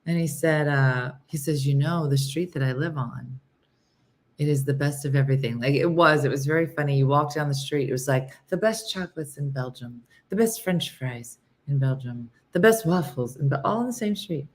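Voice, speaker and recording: A woman's voice: low-pitched, normal speed. A woman hosting a live stream, chatting casually and rambling between stories while reading out viewer comments. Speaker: live show host.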